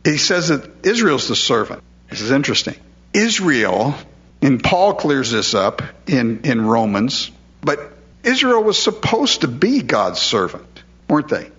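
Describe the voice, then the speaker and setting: A man's voice: mid-range voice, very animated, measured pace, fairly bright tone, muffled recording. A man preaching a verse-by-verse sermon in a conversational way, often asking rhetorical questions. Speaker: pastor. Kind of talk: expository sermon.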